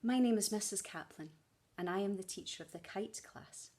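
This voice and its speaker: A woman's voice: mid-range voice, fairly even intonation, moderate pace, a little mellow. A woman from Scotland with a Scottish accent, a primary school teacher chatting playfully to her future pupils in a welcome video while out on a walk. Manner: playful, chatty, fond of puns. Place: outdoors on a walk.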